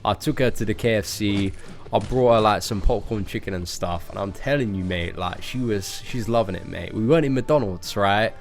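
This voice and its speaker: A man's voice: mid-range voice, sing-song, slow, faint music behind. A man voicing a cocky young male roadman who talks in swaggering street slang and keeps tagging lines with filler.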